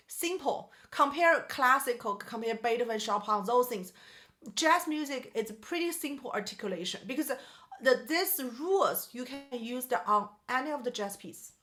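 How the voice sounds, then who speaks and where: Slow, bright-voiced woman teaching piano. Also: fairly high pitch. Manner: explains in short phrases and sings rhythm syllables. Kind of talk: jazz piano lesson. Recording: piano playing behind.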